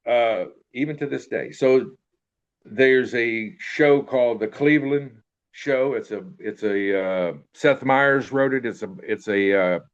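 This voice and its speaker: In an interview captured on a dull lo-fi recording, an older actor tells casual stories in a rambling manner, often starting sentences over and ending on throwaway tags. He speaks a little slowly at medium pitch, with a clear, resonant tone.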